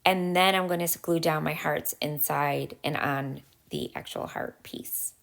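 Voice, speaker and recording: A woman with a low voice and a gravelly, fry-edged tone walks through a craft project step by step. She sounds chatty and relaxed, pausing often with little fillers. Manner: chatty, step-by-step, frequent "um" pauses. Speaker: craft channel host. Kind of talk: casual craft tutorial voice-over.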